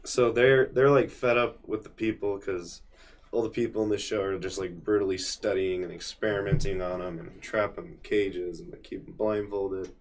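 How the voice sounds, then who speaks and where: A man's voice: sits low, fairly even intonation, normal speed. A man co-hosting an anime podcast, talking casually and laid-back, swearing and laughing often. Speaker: podcast co-host. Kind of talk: casual chat.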